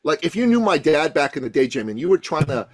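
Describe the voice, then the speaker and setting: A man guesting on a podcast as a coach, telling a story with passion and building to loud emphatic peaks. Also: on the high side, big pitch swings, fast, husky, no room sound. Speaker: guest, coach and thought leader.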